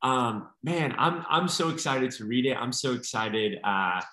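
A man's voice: medium pitch, lively intonation, unhurried, pushed and bright, reverberant. A man hosting an interview, asking questions and reacting eagerly. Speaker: interview host. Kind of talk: casual interview.

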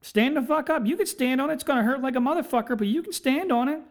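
A man voicing a blunt older retired Navy bone doctor, gruff and swearing as he orders a patient around. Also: very high voice, fast talker, voice pushed up. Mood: mocking, bossy. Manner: gruff, laughing, swearing, bossy.

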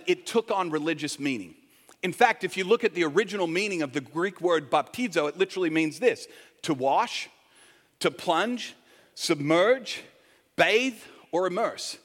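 A man's voice: sits high, fairly bright tone, long reverb tail. A man preaching a sermon as pastor, teaching in a conversational way and joking with the congregation. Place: church sanctuary.

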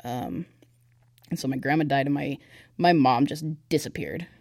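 Her voice is a rumbling low, gravelly and a little mellow, moving at normal speed with no room sound. She's a young woman appearing as a podcast guest, giving a frank personal testimony in a chatty style with many fillers.

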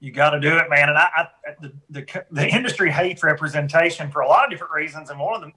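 Bright, slightly husky man. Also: a little high, fast talker, poor audio. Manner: stammers on restarts, thoughtful. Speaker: podcast host and pro angler. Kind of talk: casual chat.

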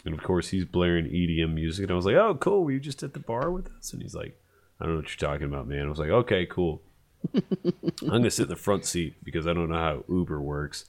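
A man telling a funny story in casual chat, animated and profane, acting out what people said. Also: rumbling low, fast talker. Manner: animated, profane, acts out quotes.

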